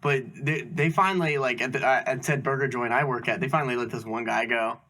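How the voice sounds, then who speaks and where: A man's voice: medium pitch, steady tone, brisk, pushed and bright. A young man, telling jokey work stories on a comedy podcast and mimicking coworkers. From Augusta, Georgia, US. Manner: laid-back, jokey, swears, mimics coworkers. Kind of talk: casual storytelling chat.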